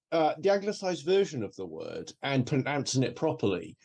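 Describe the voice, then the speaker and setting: A man's voice: mid-range voice, normal speed, vocal fry, husky. A man co-hosting a podcast, chatting casually with lots of fillers and laughter. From United Kingdom. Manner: animated, laughing, filler-heavy. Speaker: podcast co-host. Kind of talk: casual chat.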